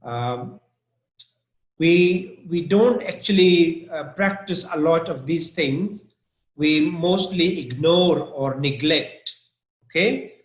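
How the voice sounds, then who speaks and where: A man teaching English vocabulary, slowly repeating each word over and over for his students. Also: a little high, reverberant, low-quality recording. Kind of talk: online vocabulary lesson.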